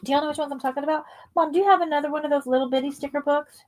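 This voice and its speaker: A woman's voice: high voice, fairly even intonation, racing, dry recording. A woman chatting casually on a craft livestream, rambling with lots of ums and asides to her viewers.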